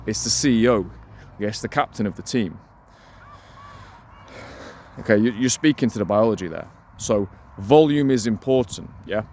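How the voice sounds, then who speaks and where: A man coaching listeners on voice and delivery, energetic and emphatic, repeating his key points and slowing down to demonstrate. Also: slight background noise. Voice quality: resonant voice. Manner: deliberately slows and lowers voice to demonstrate. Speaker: dating coach. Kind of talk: instructional talk to camera.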